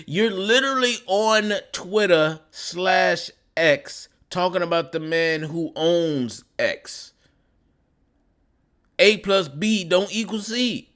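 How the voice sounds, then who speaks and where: Dude ranting and roasting someone, kinda high, bright voice, slow drawn out talk. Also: male voice. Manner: mocking, insulting, scolding. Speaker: commentary vlogger. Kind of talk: ranting commentary.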